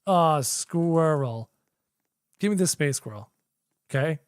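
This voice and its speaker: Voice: mid-range voice, lively intonation, takes it slowly, clear, resonant tone, dry recording. A young adult game streamer doing live gameplay commentary, chatty, talking to chat and repeating phrases while figuring things out.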